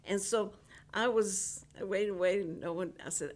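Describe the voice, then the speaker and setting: A woman's voice: mid-range voice, normal speed. An older woman, hosting a casual radio interview and telling chatty stories full of restarts. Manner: chatty, animated storyteller with many restarts. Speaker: radio host.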